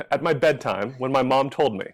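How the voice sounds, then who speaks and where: A young man from California teaching English pronunciation, talking slowly and clearly and drawing out the example sounds. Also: medium pitch, lively intonation. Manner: drawn-out, exaggerated sounds when modeling examples.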